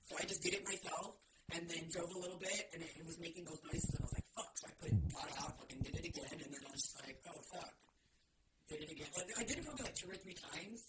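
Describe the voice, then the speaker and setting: A woman's voice: lowish voice, fast talker. A woman, co-hosting a podcast in casual chat and telling blunt, swear-filled stories. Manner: swears a lot, blunt storyteller. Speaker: podcast co-host. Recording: noisy podcast recording.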